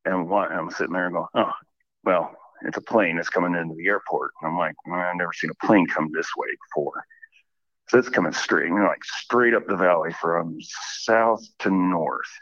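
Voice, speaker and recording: A man calling in to a show, telling a story in a rambling, animated way. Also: low-pitched, moderate pace, dry recording. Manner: rambling, animated retelling with many "I'm like" asides. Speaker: caller. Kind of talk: casual storytelling. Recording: muffled phone call.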